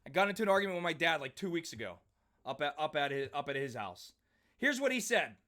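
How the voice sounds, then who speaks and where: A man in his forties runs a math lesson in a bright, forceful voice that sits a little high for a man. He talks in a chatty, animated way, calls on students by name, and breaks off into side stories. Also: quick pace. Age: 40s. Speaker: math teacher. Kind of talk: live class lecture with side stories.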